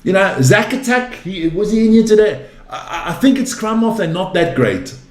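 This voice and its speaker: A man's voice: sits high, lively intonation, normal speed, echoey room. A man hosting a rugby chat show, ranting and swearing, from South Africa. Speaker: rugby channel host. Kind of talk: heated casual chat.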